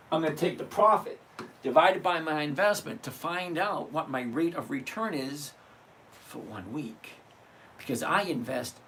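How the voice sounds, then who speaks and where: A man in his sixties talks through trades on a casual livestream, his gravelly voice swinging widely in pitch. He jokes, swears lightly and reads figures aloud one by one, with faint background hiss. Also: fairly bright tone. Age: 60s. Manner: chatty, jokey, swears casually; reads out numbers step by step. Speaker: livestream trading host.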